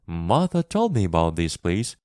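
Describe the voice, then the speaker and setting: A man voicing a kind, cheerful country boy in a storybook reading, speaking gently and steadily. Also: sits low, huge pitch swings, normal speed, dry recording, studio quality. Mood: gentle. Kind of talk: storybook reading for English learners.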